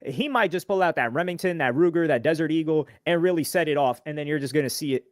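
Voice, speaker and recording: A man talks fast and animatedly on a livestream, mocking the messages he reads out. His voice sits a little high. The recording is dry. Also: no echo. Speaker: livestream co-host. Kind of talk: casual livestream commentary.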